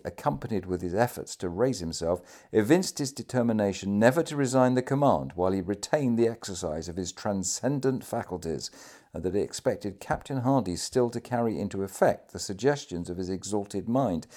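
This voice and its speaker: A man reads a historical account aloud in a measured, formal manner. His voice sits fairly low. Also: a little mellow. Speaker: audiobook reader.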